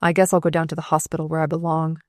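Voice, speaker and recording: A woman voicing a gruff, blustering middle-aged male senior surgeon in a storybook reading. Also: sits low, completely flat delivery, rapid-fire, a little mellow, dry recording, studio quality, natural voice. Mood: grumbling.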